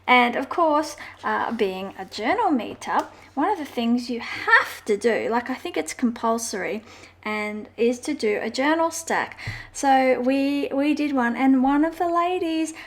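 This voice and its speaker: A woman's voice: sits high, lively intonation, unhurried. A woman chatting casually while decorating a journal, meandering through her thoughts with fillers and self-corrections in a sing-song way. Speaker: journaling vlogger. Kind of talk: casual crafting chat.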